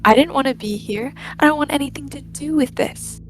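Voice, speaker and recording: A woman's voice: sits high, fairly quick, soft background music, voice pushed up, close to an everyday voice. A woman voicing a defiant young woman in a tabletop game, angry and defensive about her father. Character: defiant young woman, emperor's daughter, bitter.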